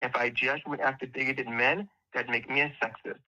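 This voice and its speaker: A man's voice: mid-range voice, fairly even intonation, normal speed, pushed and bright, muffled recording. Combative sarcastic man debating online. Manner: combative and sarcastic, repeats pointed questions.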